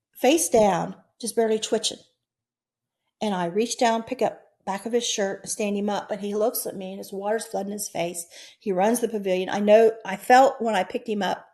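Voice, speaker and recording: A woman in her sixties, a guest in an interview, earnestly recounting her own near-death experiences, breaking into sudden high, loud bursts.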